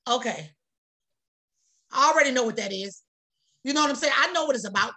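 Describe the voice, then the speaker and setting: Fiery high-voiced preaching woman. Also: animated, a little fast, sharp tone. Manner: fiery, folksy preaching with repetition. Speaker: prophetess. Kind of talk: preaching on a prayer broadcast.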